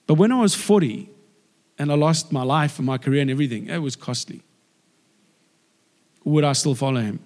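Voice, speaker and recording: A man's voice: a little fast, pauses often. A man in his forties from South Africa, preaching by telling stories and acting out the voices of people in them. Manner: animated, acts out quoted voices with big pitch jumps. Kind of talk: sermon storytelling. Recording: long reverb of a large hall.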